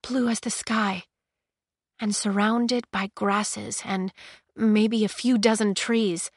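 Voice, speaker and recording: Exhausted young woman, read by a woman, quiet, hesitant, hushed, audiobook. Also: medium pitch, steady tone, takes it slowly, no room sound, studio quality. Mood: hushed awe. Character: young woman, feverish and exhausted, soft-spoken.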